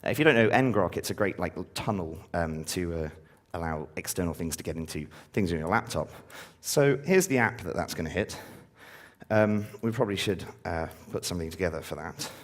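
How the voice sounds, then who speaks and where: A conference speaker gives a casual live-coding talk to an audience, his speech full of ums and uhs. He has a low-pitched voice with lively intonation and a fairly quick pace, and he turns upbeat when engaging the crowd.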